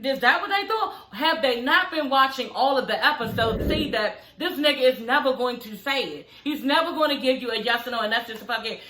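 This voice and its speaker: A woman recapping a reality TV episode in casual, animated, profane talk aimed straight at her viewers. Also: sits high, a little fast, few pauses, echoey room, noisy background.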